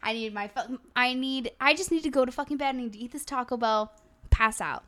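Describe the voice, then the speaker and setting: A young woman telling a story in casual chat, animated and swearing constantly, laughing as she goes. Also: a little high, fairly quick.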